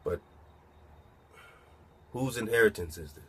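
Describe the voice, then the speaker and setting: A man with a low, husky, sharp-toned voice slowly reads aloud a legal-sounding document, then stops to comment on it. As a commentator, he speaks casually and keeps posing rhetorical questions.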